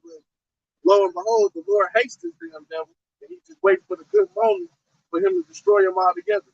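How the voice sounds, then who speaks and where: A man's voice: very high-pitched, very animated, a little fast, creaky, dry recording, recorded from a distance, highs cut off. A man giving blunt, emphatic religious commentary and reading scripture.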